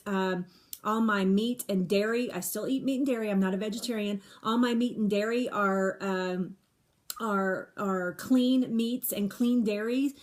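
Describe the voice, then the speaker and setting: A middle-aged woman hosting a casual live Q&A about her own life, talking candidly and with emphasis, often restarting her sentences. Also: mid-range voice. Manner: candid, chatty, with frequent restarts and emphatic repetition. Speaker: livestream host answering viewer questions. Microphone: phone or webcam on a live stream.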